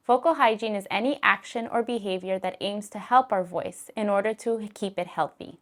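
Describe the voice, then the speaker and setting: In a medium-pitched voice, a woman calmly and clearly delivers scripted narration for an instructional video on voice care.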